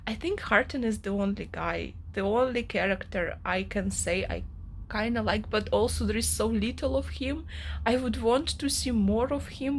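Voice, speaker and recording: A young woman book vlogger rants about the novel she's reading in a casual vlog monologue, full of strong emotion and filler words. Her voice is medium-pitched, with a slight hiss or hum in the recording.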